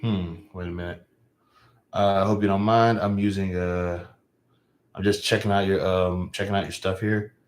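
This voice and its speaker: A young man chatting casually on a livestream, rambling and halting, often trailing off with sighs. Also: low-pitched, little pitch movement. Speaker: live streamer.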